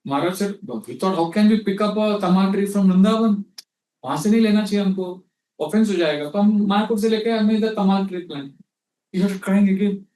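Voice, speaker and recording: A man's voice: a little high, darkish tone. A man with an Indian accent giving a scriptural lecture, telling anecdotes and acting out quotes, mixing in Hindi. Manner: storytelling, mixes in Hindi, acts out quotes. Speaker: spiritual teacher. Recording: echoey hall, mic at a distance.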